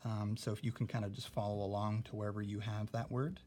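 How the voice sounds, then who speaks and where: A man's voice: fairly low pitch, level tone, fast talker, mellow, slight background noise. A young man teaching a recorded spelling lesson, patient and careful, often checking in with "okay?".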